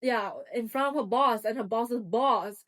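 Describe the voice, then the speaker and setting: A young woman with a slightly high voice chats about a book she just read. She rambles with excitement, stops and restarts her sentences, and talks over her co-host in loose, casual review talk. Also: a little slow.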